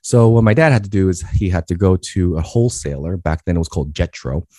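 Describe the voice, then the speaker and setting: A man from Queens, New York, sharing a story in a podcast interview, animated and full of restarts. His voice is very low and deep. The recording is close and dry, with no room sound. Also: fast, no echo. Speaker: guest, business speaker.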